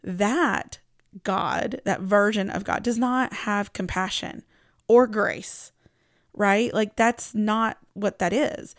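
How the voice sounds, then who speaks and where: Gravelly-voiced woman hosting a faith podcast. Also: mid-range voice, takes it slowly, no room sound, clean studio sound. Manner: earnest, reflective, conversational. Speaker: Christian podcast host. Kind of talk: casual devotional podcast talk.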